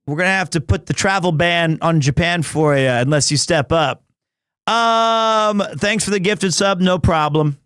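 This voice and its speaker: A man streaming live in casual chat, excitable, often breaking into shouts and laughter. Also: high-pitched, dry recording, studio quality. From United States.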